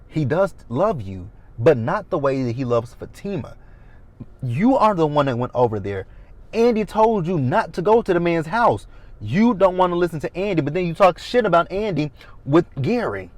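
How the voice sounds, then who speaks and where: A man's voice: a little high, a little mellow, no echo. Blunt, chatty man in his thirties. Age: 30s. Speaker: TV recap host. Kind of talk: casual recap chat.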